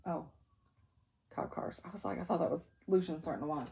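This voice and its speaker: A woman's voice: deep voice, fairly quick, vocal fry, mellow, slightly rough. A tired woman chatting casually as she shows her cross-stitch projects, rambling with fillers and correcting herself. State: tired and yawning. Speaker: cross-stitch vlogger showing works in progress. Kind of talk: casual show-and-tell chat.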